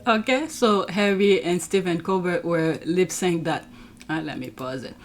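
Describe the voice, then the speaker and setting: A woman's voice: on the low side, normal speed, soft background music. A woman running her own online channel, chatting casually as she works through clips on screen, with frequent exclamations. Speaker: YouTube commentator. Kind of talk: casual reaction commentary.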